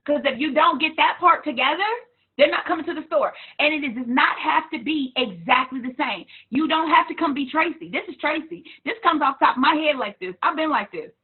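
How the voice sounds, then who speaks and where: A woman business coach giving a blunt, animated motivational talk on selling through social media, sometimes hollering with laughter. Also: high voice, brisk. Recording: tinny phone-like sound.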